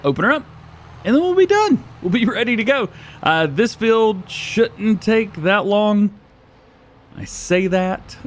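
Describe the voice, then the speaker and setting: Casting note: lively, talkative male gamer, fairly high voice, casual self-joking commentary, slightly out of breath. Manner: chatty, self-joking, laughs often. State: a little out of breath, early morning. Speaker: gaming YouTuber. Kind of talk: casual let's-play commentary.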